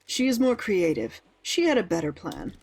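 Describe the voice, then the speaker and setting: A woman reading aloud the lines of an ancient, weakened god who judges visitors, in a measured way. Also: fairly low pitch, very animated, creaky, darkish tone, husky, full character voice. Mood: aloof.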